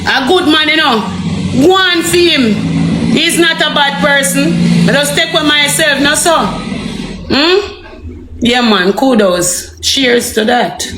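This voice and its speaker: A woman's voice: high-pitched, lively intonation, takes it slowly, background noise. A woman with a Jamaican accent ranting to viewers on a livestream. She repeats herself and keeps asking rhetorical questions. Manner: heated, repetitive, rhetorical questions. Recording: echoey room, faint music.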